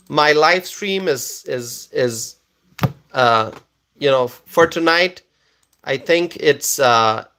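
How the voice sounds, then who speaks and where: A man chats on a casual live stream, tired at the end of a long day. He speaks in an unhurried, plodding way and sits a little high in his range. He often repeats himself while reading viewer comments aloud. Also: fairly bright tone. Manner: slow, repetitive, reads viewer comments aloud.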